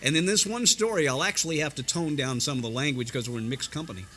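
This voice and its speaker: An older man from Indiana, a veteran radio broadcaster, tells anecdotes in a restaurant, mimicking voices and sound effects as he goes. His mid-range voice is a bit bright and he talks fast, with a little hiss or hum in the audio.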